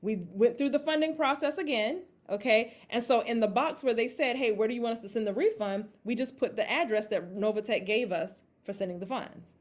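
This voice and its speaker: Woman presenter, casual teaching talk, on the high side, keeps asking "all right?". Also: a little fast, few pauses. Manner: chatty, repeats "okay?" and "all right?" to check in; acts out her own panicked reactions in a raised voice. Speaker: crypto investing presenter. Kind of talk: casual instructional talk to a group.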